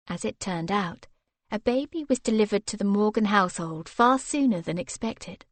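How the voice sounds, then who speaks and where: A woman narrating an audiobook in a measured, expressive manner. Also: medium pitch, no room sound. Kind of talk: scripted narration.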